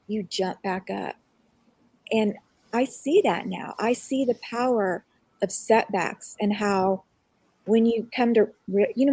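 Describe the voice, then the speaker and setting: A woman's voice: on the high side, darkish tone, breathy edge, dry recording. A woman guest on a live online show, telling a personal story in an earnest, reflective way.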